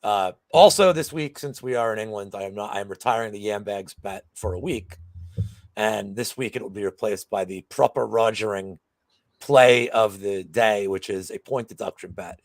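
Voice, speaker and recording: A man's voice: on the low side, moderate pace, dry recording. A man co-hosting a betting show in casual chat, rambling with lots of fillers and restarts.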